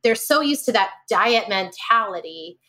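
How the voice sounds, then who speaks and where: A woman hosting a casual interview, speaking warmly and encouraging her guest with generous praise. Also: medium pitch, lively intonation, a little slow. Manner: warm, encouraging, gushing praise. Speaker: podcast host.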